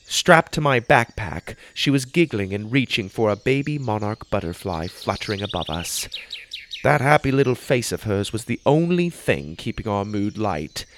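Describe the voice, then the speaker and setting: A man narrating a story in the first person, reading in an expressive, animated way. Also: lowish voice, normal speed, slight background noise.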